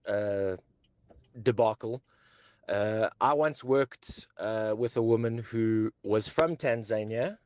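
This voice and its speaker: A man's voice: medium pitch, dry recording. A man leaving a radio show a hesitant message full of fillers. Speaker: radio caller.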